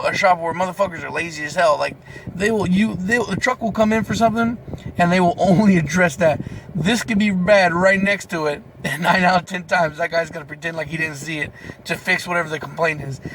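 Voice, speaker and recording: A young man vents in a ranting vlog, packing his talk with swearing and breaking off mid-sentence to start again. His voice sits a little high for a man. Faint noise hums behind him. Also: fairly quick, vocal fry, fairly bright tone. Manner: profane, heated storytelling with frequent restarts. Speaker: mechanic.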